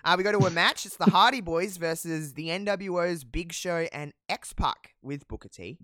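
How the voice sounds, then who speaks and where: A man telling a casual wrestling recap as a podcast co-host, animated, with lots of fillers. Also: fairly high pitch, moderate pace, no room sound, clean studio sound. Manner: animated storyteller, many fillers.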